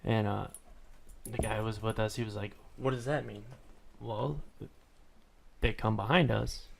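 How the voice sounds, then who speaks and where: A man's voice: fairly low pitch, a little slow, gravelly. Easygoing man swapping hunting stories. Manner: relaxed storyteller, swears freely. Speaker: podcast co-host. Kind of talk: casual chat. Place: home kitchen.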